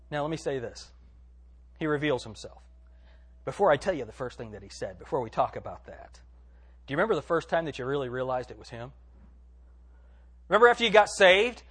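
A man preaching a sermon in a church, swinging between hushed, drawn-out phrases and loud emphatic lines. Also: fairly high pitch, big pitch swings, husky. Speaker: pastor.

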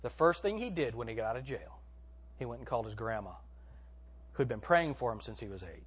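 A man preaching a sermon in a church, swinging between hushed, drawn-out phrases and loud emphatic lines. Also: medium pitch, animated, slightly rough. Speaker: pastor.

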